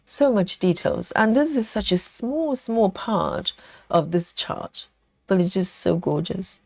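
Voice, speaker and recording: A woman's voice: mid-range voice, slow pace, vocal fry, a little mellow, dry recording. A woman hosting a live cross-stitch stream, reading viewer comments aloud and chatting back while she stitches and eats chocolate. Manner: chatty, reads comments aloud and answers them.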